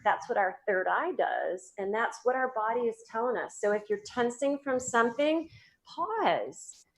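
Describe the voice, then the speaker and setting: A woman's voice: a little high, measured pace, low-quality recording. A woman with a Southern US accent, a guest psychic medium speaking earnestly and spiritedly about healing in a casual interview. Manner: earnest, spiritual, animated with restarts.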